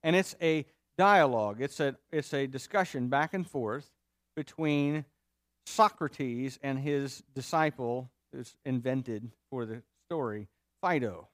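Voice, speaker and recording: A man's voice: mid-range voice, takes it slowly, a bit bright, no room sound, clean studio sound. A man preaching a sermon in an earnest, explanatory way, reading scripture and then unpacking it for the congregation. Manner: earnest, explanatory, with vivid mock voices for quoted speakers. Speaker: pastor.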